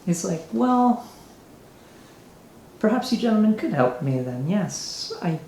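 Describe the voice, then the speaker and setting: A man's voice: high-pitched, very animated, slow, darkish tone, slight background noise, pitched above the performer's own voice, heavily acted. A man voicing a flamboyant, giddy male nobleman mayor in a tabletop game, speaking in an ingratiating way, recorded in an echoey room.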